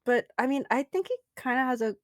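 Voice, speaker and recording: A woman's voice: sits high, animated, fast talker, no room sound, studio quality. A woman playing her character in a tabletop game, hesitant and often laughing. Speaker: player. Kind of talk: in-character tabletop role-play.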